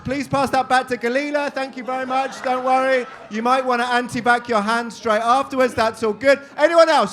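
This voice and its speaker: A man hosting a live comedy show, teasing the audience with crude, quick-witted crowd work. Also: very high voice, a bit bright. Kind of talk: crowd-work stand-up banter.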